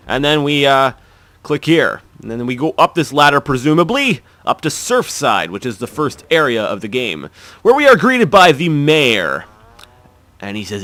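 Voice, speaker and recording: A man's voice: mid-range voice, very animated, moderate pace, pushed and bright, no echo, soft background music. A man casually talking through a video game playthrough, chatty, wry and rambling with restarts. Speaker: gaming video host.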